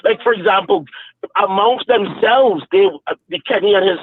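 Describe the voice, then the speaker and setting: A man's voice: high voice, normal speed, breathy edge. A man calling in to a live stream, hesitant and stammering as he makes his point, heard over a tinny phone line. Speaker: caller. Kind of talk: casual chat.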